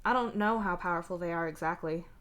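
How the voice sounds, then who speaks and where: Stiff, guarded young psychic, read by a woman, low and clipped, storybook reading. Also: fast talker, a bit bright, natural voice. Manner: curt, stiff.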